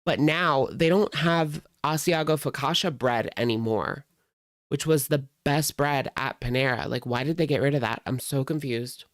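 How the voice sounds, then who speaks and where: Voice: medium pitch, moderate pace, no room sound, clean studio sound. A commentary host in casual chat, sarcastic and exasperated, reacting to clips.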